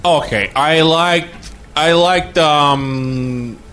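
A man's voice: fairly high pitch, very slow, sharp tone, full character voice. A man doing a giggling comedy impression of an older filmmaker, rambling and breaking character on a noisy podcast. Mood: wistful rambling.

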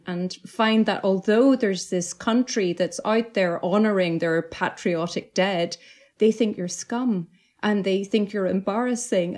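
A middle-aged Northern Irish woman speaks as an interview guest, her voice sitting somewhat low. She talks in an earnest, reflective way and often circles back to restart her sentences. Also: darkish tone. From Northern Ireland. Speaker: novelist, guest. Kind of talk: interview conversation.

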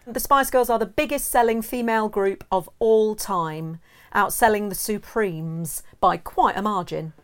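A woman's voice: mid-range voice, a little slow. Chatty woman podcast co-host. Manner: chatty and amused, with filler hesitations. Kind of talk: casual trivia chat.

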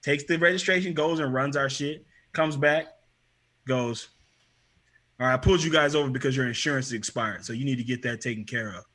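A man's voice: mid-range voice, brisk. A young man casually telling a story on a podcast, acting out the people he quotes. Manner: animated, acts out quoted people. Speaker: podcast guest.

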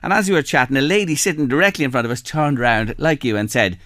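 An Irish man hosting a radio show, telling stories in a chatty, animated way. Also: mid-range voice, fast, no room sound, clean studio sound. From Ireland. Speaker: radio host. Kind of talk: casual radio chat.

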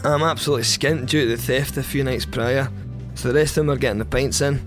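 Young Scottish male storyteller, deadpan and crude, mid-range voice. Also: mid-range voice, fast, over music. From Scotland. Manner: wry, deadpan, crude humour. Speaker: podcast storyteller. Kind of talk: first-person comic storytelling.

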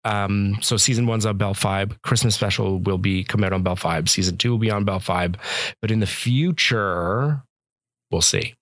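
A man's voice: fairly low pitch, moderate pace, a bit bright, no echo, studio quality. A man from rural Ontario, a chef chatting casually as a podcast guest, rambling with lots of fillers. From rural Ontario, Canada.

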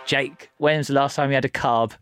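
Fast-talking man hosting. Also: mid-range voice, fairly even intonation, fairly bright tone, clean tone, no echo, studio quality, soft background music. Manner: joking, teasing banter. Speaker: podcast host. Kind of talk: casual podcast chat.

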